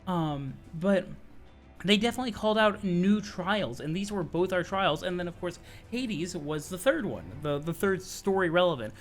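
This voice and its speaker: Excitable man with a higher voice. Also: soft background music. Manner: excitable and chatty, full of slang and quick restarts. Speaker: gaming video creator. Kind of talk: casual commentary on game news.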